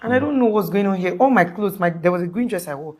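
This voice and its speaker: A woman's voice: medium pitch, lively intonation, fast talker, darkish tone. Young woman retelling a tense night, rambling. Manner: acts out quoted voices, rambling with many restarts. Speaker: witness telling her story. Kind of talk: emotional storytelling in an interview.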